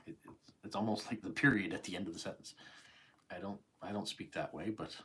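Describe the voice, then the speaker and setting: A man's voice: low-pitched, a little fast, fairly bright tone, a little hiss or hum. A Canadian man in his forties with a slight English-tinged accent, hosting a live stream and rambling casually through viewer comments. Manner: rambling and conversational, many fillers and asides. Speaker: channel host answering viewer comments.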